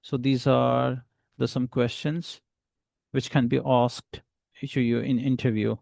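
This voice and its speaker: Male English teacher, slow and gravelly, dry close sound. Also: mid-range voice, flat delivery, a little mellow, dry recording. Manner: slow, patient, repeats example phrases. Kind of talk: beginner English lesson.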